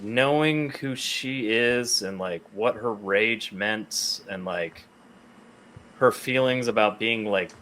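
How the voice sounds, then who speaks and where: Excited man gushing over a comic. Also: fairly low pitch, takes it slowly. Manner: excited, swears often, reads quotes aloud. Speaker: podcast co-host. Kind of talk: casual comic book discussion.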